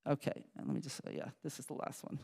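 A middle-aged woman, a psychology professor, giving a lively public lecture, restarting sentences and talking straight to the audience. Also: rumbling low, quick pace, vocal fry, breathy edge. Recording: reverberant lecture hall.

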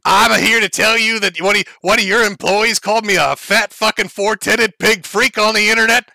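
A man's voice: high-pitched, fairly even intonation, normal speed, vocal fry, pushed and bright, no echo, pitched above the performer's own voice, full character voice. A man voicing an enraged, indignant man screaming his demands.

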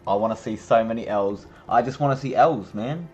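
A man's voice: mid-range voice, moderate pace, muffled recording, soft background music. A young man giving casual, joking commentary while streaming a game, swearing now and then.

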